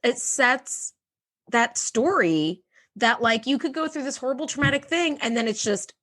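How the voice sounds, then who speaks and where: A woman's voice: high voice, lively intonation, normal speed, fairly bright tone. A young woman co-hosting a podcast in casual chat, ranting in an exasperated way and acting out quotes. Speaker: podcast co-host.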